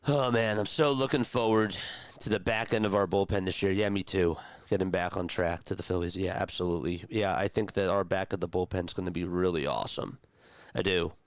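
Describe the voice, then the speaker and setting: A young man calling a game play-by-play on a live stream, chatty and rambling between pitches and talking to his viewers. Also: a little fast, no room sound. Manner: chatty, rambling asides between calls, talks to chat. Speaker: streamer doing radio-style play-by-play.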